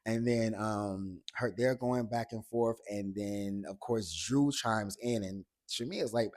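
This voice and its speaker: A man's voice: fairly low pitch, slow pace, hardly any pauses, a little mellow. A man recapping a reality TV episode in a casual vlog. He is blunt and profane, talks straight to the cast, and retells scenes in a chatty, gossipy way.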